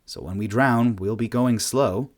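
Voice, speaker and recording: A man's voice: medium pitch, measured pace, lightly acted. A man doing an irritable, growling alien pilot. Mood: grim.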